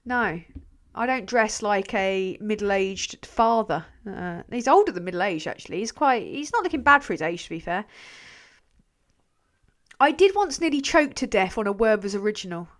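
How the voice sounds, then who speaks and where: A woman chats loosely on her live stream, replying to viewer comments. She rambles, drops sentences halfway and swears without a second thought, mocking herself as she goes. Her voice sits at an ordinary middle pitch. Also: sing-song, normal speed, fairly bright tone. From England. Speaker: channel host.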